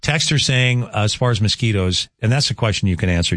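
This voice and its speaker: A man's voice: on the low side, animated, fast, fairly bright tone, no echo. A man hosting a local radio morning show, chatting casually and joking with a guest and taking listener texts from a studio. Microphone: studio mic.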